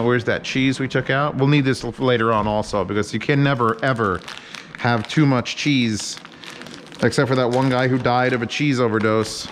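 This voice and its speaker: A man's voice: medium pitch, a bit bright, slight background noise. Joking, swearing man cooking at home. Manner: joking, profane, rambling commentary. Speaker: home cook host. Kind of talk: casual cooking vlog. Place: home kitchen.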